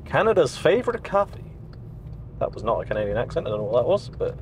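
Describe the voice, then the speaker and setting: A man's voice: on the low side, expressive, very fast, darkish tone, a little hiss or hum. A man vlogging in his parked van, chatting casually and jokily to camera about food, with the camera mic catching his voice. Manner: jokey, chatty, self-deprecating.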